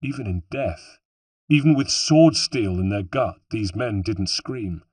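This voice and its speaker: A man reads a story aloud in a low, husky voice. His delivery is measured and somber. The sound is dry and comes from a little back from the mic. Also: animated, darkish tone, dry recording, recorded from a distance. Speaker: audiobook narrator. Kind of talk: scripted first-person narration.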